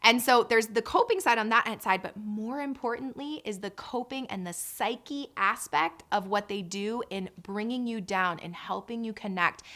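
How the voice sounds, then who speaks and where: A woman talking candidly as a doula about birth support, warm and frank, sometimes softening into a gentle coaching tone. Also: mid-range voice. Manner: warm, candid, drops to soft coaching tones. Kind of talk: casual explanatory talk.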